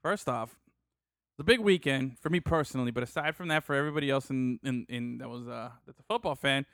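A man's voice: mid-range voice, quick pace, a bit bright, dry recording, studio quality. A man hosting a podcast in casual banter, joking, laughing and rambling between topics. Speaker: podcast host.

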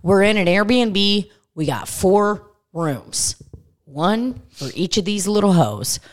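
A woman's voice: medium pitch, expressive, slow pace. A woman with a Midwest American accent, co-hosting a casual podcast and telling a crude, exasperated story full of swearing. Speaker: podcast co-host. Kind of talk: casual comedic chat. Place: rented house in California.

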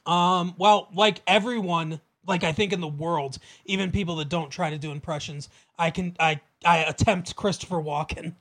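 A young man with a high voice co-hosts a podcast in loose casual chat. He rambles and restarts his sentences, and he laughs easily. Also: steady tone, normal speed, few pauses, fairly bright tone. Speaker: podcast co-host.

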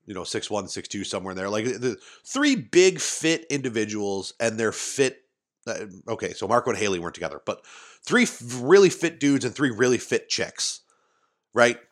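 Low-voiced rambling storyteller man. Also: sing-song, moderate pace. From Western New York. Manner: rambling, many restarts and asides. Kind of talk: casual storytelling. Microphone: studio mic, adjusted mid-talk.

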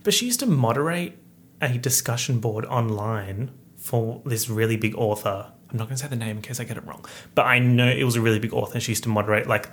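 A man's voice: medium pitch, a bit bright. A young man from Perth, hosting his podcast with a chatty, campy update full of slang and self-mockery. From Perth, Australia. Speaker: podcast host. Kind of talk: casual update chat.

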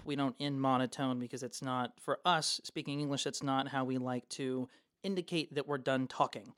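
A man's voice: mid-range voice, steady tone, normal speed, a bit bright, clean tone, no echo, studio quality. A man co-hosting a podcast in a casual, rambling, profane chat. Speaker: podcast co-host.

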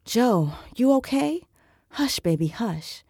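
A woman voicing a seductive male lover who speaks in a hushed, coaxing way. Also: low-pitched, lively intonation, measured pace, slightly rough, no echo, studio quality, full character voice.

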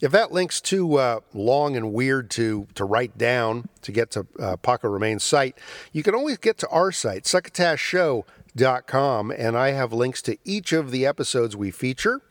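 Lively male podcast host reading announcements. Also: normal speed, no echo. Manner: conversational with fillers and restarts, lively pitch. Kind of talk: show announcements and clip introduction.

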